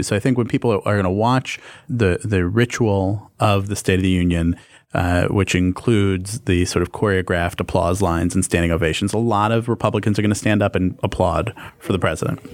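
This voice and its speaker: A man's voice: sits low, fairly even intonation, moderate pace, no echo, clean studio sound. A man hosting a political podcast, asking probing questions in a conversational way. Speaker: podcast host.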